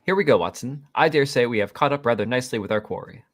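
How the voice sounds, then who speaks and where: A man reading an android who plays a prim detective, with crisp, clipped deductive delivery at a live table read. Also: medium pitch, expressive, fast. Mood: deducing.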